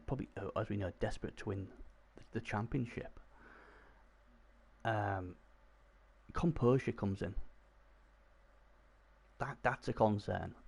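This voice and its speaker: A low-pitched man gives live commentary on a video game stream, chatting to his viewers and getting excitable over the dice. His voice is gravelly and husky. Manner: chatty, excitable, talks to chat.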